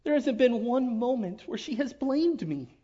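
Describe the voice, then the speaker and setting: A man giving an emotional personal testimony to his church, earnest and halting, often dropping to a hush. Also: very high voice, animated. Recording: dull lo-fi recording.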